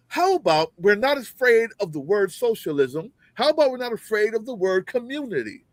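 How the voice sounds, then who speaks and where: A man with a high voice delivers a fiery, profane political rant over a video call. He mocks opponents and fires off rhetorical questions. The sound is dry and close, with no room around him. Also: dry recording, low-quality recording. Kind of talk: heated political commentary.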